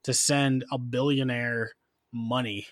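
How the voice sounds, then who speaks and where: A man's voice: mid-range voice, fairly even intonation, slow, no room sound. Blunt, crude-talking man, dry sound. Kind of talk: casual chat.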